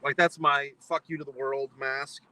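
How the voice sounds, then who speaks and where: A man's voice: medium pitch, flat delivery, normal speed, bright, forceful tone, low-quality recording. A man vlogging a foul-mouthed, exasperated anecdote, mock-philosophical as he spells out its lessons. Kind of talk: profane ranting anecdote to camera.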